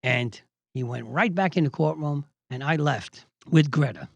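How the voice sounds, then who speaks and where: Older man, storyteller, somewhat high voice, dry close sound, lively anecdotal delivery. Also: measured pace, gravelly, dry recording. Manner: lively anecdotal telling, acting out quoted exchanges. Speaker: host, judge and former trial lawyer.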